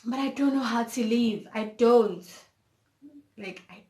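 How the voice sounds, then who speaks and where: A woman's voice: a little high, normal speed, warm tone. Young South African woman, emotional vlog. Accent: South African, Zulu-inflected. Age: young adult. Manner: candid, emotional, code-switching between English and Zulu. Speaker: vlogger. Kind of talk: personal storytime. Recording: roomy echo.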